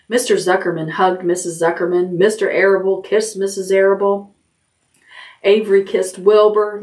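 A woman librarian reading a children's chapter book aloud at bedtime, gently, raising her voice for the characters' lines. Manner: gentle storytelling, lifts pitch for character lines.

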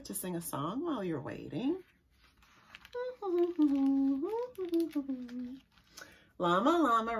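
A woman, a children's librarian, reads a picture book aloud to young children in an expressive, sing-song way and stops now and then to explain words. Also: on the high side, husky. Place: library story time recorded for online viewing.

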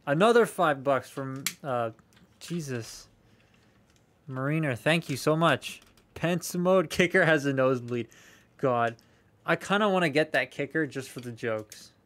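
A man's voice: medium pitch, a little slow, fairly bright tone. Chatty man unboxing toys live. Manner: rambling, chatty, swears freely, answers viewer comments. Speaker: toy collector streaming a live unboxing. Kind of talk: casual live-stream chat.

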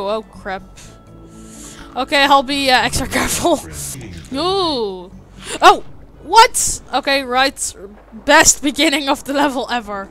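A woman with a high, bright, ringing voice talks unhurriedly through a video game as its host. She swears freely and keeps breaking into loud, frustrated yells, with faint game music underneath. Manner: swears a lot, with frequent shouted frustrated outbursts. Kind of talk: let's play commentary.

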